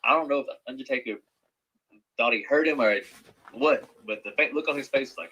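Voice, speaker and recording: A man's voice: medium pitch, fairly quick, bright, forceful tone, slightly rough, highs cut off. A man who is a professional wrestler, talking as a podcast guest in an enthusiastic, casual way. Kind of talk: casual chat.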